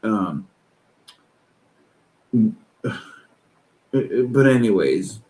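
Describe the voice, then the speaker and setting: Profane, exasperated man, lively voice. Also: medium pitch, takes it slowly, pauses often. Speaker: commentator. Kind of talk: reading posts aloud and commenting.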